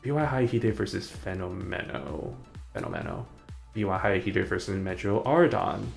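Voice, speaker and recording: A man talks through a live stream in a loose, meandering way, stopping and restarting his thoughts. His voice sits low with a gravelly edge, and soft music plays faintly underneath. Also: sing-song, moderate pace. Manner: rambling, hesitant, self-correcting. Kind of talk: casual live-stream commentary.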